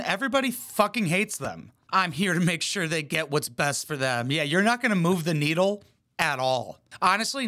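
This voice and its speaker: A man's voice: high-pitched, pushed and bright. A man hosting a reaction video, giving blunt, mocking commentary full of swearing. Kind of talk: profane sarcastic commentary.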